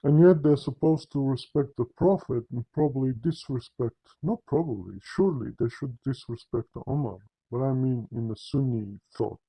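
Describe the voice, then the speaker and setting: This is a polemical religious commentary delivered to camera by a man who confronts listeners directly, hammering phrases, repeating words, and frequently starting over. He speaks at normal speed with hardly any pauses, in a medium-pitched, creaky, mellow, husky voice on poor-quality audio.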